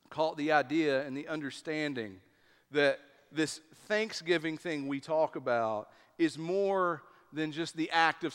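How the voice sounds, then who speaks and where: A high-pitched man preaching slowly, with a smooth, clear voice. His deliberate, emphatic delivery rings through a big hall with a long echo. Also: fairly bright tone. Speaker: pastor. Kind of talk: sermon.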